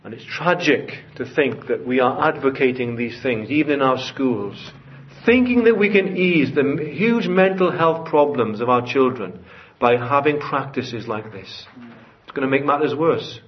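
In a church, a man preaches a sermon in a mid-range voice at a measured pace, earnest and building to fervent emphasis. The recording is dull and lo-fi, with a little hiss or hum.

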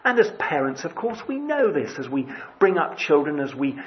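A man's voice: fairly high pitch, very animated, moderate pace, dull audio. A man preaching a sermon in church, talking in a loose, conversational way with restarts and asides.

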